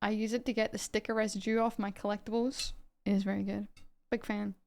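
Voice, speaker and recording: A woman's voice: mid-range voice, level tone, fairly quick, gravelly, darkish tone. An Australian woman streaming live, chatting casually and rambling as she reacts to her chat and swears freely.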